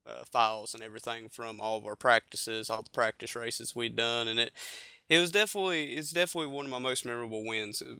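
A man with a bright, crisp voice talks as a podcast guest. He rambles with plenty of fillers and sounds grateful. The recording is dry with no room sound. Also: mid-range voice, fast talker, dry recording. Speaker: podcast guest, sim racer. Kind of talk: casual interview chat.

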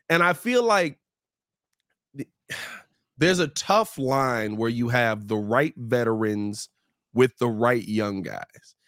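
A man co-hosting a sports podcast in a casual, animated way, his voice slightly hoarse. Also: mid-range voice, takes it slowly, long pauses, no echo, clean studio sound. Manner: animated, laughs often, reads sponsor ads. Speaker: podcast co-host.

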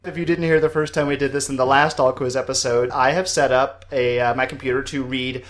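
A man hosting a casual quiz podcast, talking in a lively way and laughing often. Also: medium pitch, a little fast. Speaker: quiz host.

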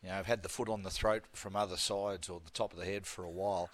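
A man's voice: low voice, quick pace. A man with an Australian accent, co-hosting a sports radio show and telling stories in blokey banter. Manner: animated storyteller, blokey banter. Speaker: radio co-host.

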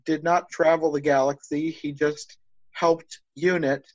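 A man's voice: a little high, flat delivery, a little slow, no room sound. Enthusiastic man with a muffled dry sound. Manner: enthusiastic, rambling, thinks aloud with restarts. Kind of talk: casual chat.

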